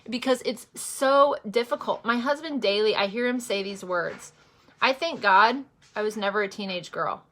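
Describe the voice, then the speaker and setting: A woman's voice: mid-range voice, moderate pace, fairly bright tone. A woman, likely in her forties, chatting casually through a makeup vlog, rambling with lots of fillers and growing earnest about her faith. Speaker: makeup vlogger and direct seller.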